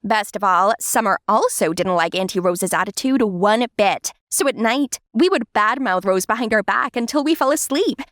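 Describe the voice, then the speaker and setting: A young woman narrating an animated story in the first person, with a lively, expressive delivery. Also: mid-range voice, moderate pace, hardly any pauses, no room sound, studio quality.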